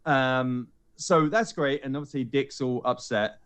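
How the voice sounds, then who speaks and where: A man's voice: mid-range voice, a little slow, clear, resonant tone. A man on a podcast, casually retelling a film scene by scene and acting out the characters' lines. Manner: animated storyteller acting out lines in character voices. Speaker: podcast co-host recounting a film screening. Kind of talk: casual chat.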